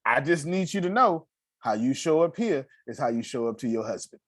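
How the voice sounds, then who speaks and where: A man's voice: mid-range voice, lively intonation, brisk, fairly bright tone, no echo, studio quality. A man coaching a group over a video call, blunt and profane, with emphatic delivery. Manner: blunt, profane, emphatic, acts out quoted voices. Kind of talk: motivational coaching talk.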